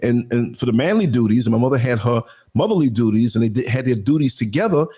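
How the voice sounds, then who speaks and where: A man's voice: mid-range voice, fast, breathy edge. An older man with a New York accent, a podcast host telling a long personal story in casual chat and acting out the people in it. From New York City. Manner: animated storyteller, acts out voices of people in his story.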